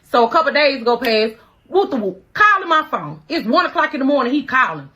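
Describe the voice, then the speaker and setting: A woman's voice: sits high, big pitch swings, fast, fairly bright tone, dry recording, poor audio. A woman telling a dramatic storytime in slangy, punchy talk full of sound effects. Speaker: storytime creator. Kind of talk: animated storytime.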